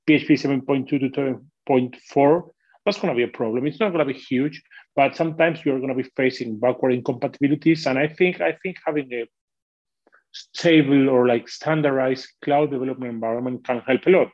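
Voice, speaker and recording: A man at a medium pitch explaining technical matters as an interview guest. He talks fluently and conversationally, and his voice comes through a dull, muffled, lo-fi recording. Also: brisk, darkish tone. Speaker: guest, product manager.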